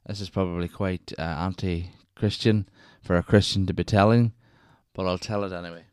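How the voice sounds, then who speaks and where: Deep-voiced Northern Irish man rambling. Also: fairly even intonation, moderate pace, darkish tone, smooth, no room sound, clean studio sound. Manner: rambling, chatty, self-interrupting with wee asides. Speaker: podcast host. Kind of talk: casual solo storytelling.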